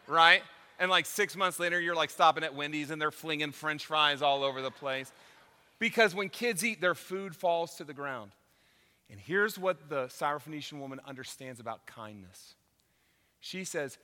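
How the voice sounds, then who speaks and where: A man preaching a sermon as pastor, emphatic, dropping to a hush and then rising loud. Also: high voice, lively intonation, moderate pace, big-room sound.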